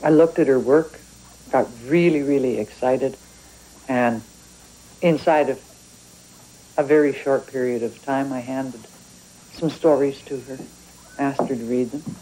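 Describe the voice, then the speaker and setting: A woman's voice: very deep voice, steady tone, measured pace, pauses often, mellow, rough recording. A woman from Canada, a writer talking about her work in a thoughtful, conversational interview. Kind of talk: reflective interview talk.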